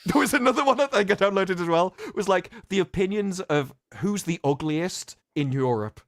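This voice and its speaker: English man, wry self-deprecating chat, slightly high voice, dry close recording. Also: animated, moderate pace, dry recording. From England. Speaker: podcast co-host. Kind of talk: casual chat.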